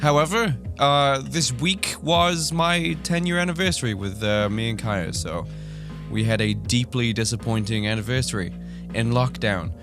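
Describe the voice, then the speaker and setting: A man's voice: mid-range voice, moderate pace, over music. A man hosting a reaction vlog, ranting animatedly and swearing. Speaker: YouTuber.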